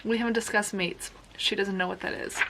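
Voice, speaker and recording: A woman's voice: mid-range voice, steady tone, fairly quick, a bit bright, a little hiss or hum. A young woman talking casually in a home reading vlog, gushing about a book and swearing freely. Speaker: book vlogger. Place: home bedroom.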